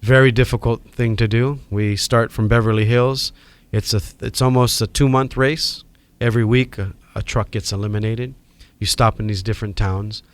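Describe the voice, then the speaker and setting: A middle-aged man from Hawaii with a Hawaiian accent, telling animated stories as a podcast guest. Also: on the low side, moderate pace, few pauses. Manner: animated storyteller acting out quoted voices. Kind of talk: storytelling in a podcast interview.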